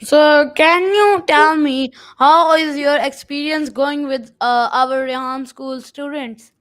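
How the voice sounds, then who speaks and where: A woman asking interview questions in a hesitant way, with many fillers and halting phrasing. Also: sits high, steady tone, fairly bright tone.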